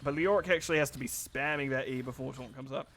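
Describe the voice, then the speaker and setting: A man's voice: medium pitch, quick pace, a bit bright. Chatty New Zealand esports caster, man. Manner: chatty, self-deprecating, rambling asides. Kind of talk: live esports play-by-play commentary.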